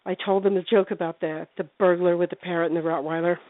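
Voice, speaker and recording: A woman's voice: fairly low pitch, steady tone, fast, no room sound. Older lady on a phone call, chatty, does voices while telling her ghost stories, tinny line. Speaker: paranormal investigator guest. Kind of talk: casual phone interview storytelling.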